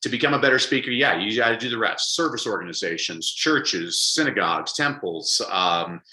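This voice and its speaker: A man speaking as an interview guest, an animated storyteller who acts out quotes. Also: on the low side, moderate pace, roomy sound, low-quality recording. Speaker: guest, public speaker and coach. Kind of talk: conversational interview.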